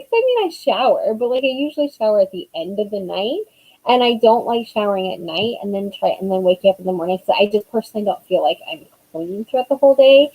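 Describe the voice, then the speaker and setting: A woman's voice: fairly high pitch, dull audio. A woman in her thirties, an author chatting casually on a live stream, rambling with lots of fillers.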